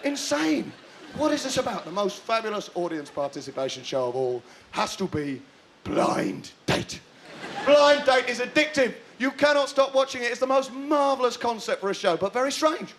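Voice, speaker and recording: High-voiced sardonic comic. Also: male voice, sing-song, fairly quick, few pauses, fairly bright tone, a little hiss or hum. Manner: sardonic, ranting, mocking. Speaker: stand-up comedian. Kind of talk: stand-up comedy routine.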